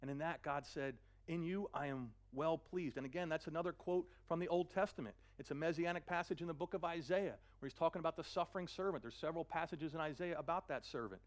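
A man preaching a sermon, earnest, often repeating a word as he gathers his thoughts. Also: fairly high pitch. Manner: earnest, repeats words while searching, slows for scripture. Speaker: pastor.

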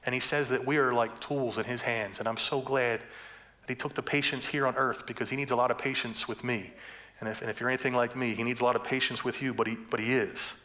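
A man's voice: mid-range voice, steady tone, fairly quick, bright, forceful tone. A man preaching a sermon as pastor, passionate and building to fervent emphasis, with playful humor between points.

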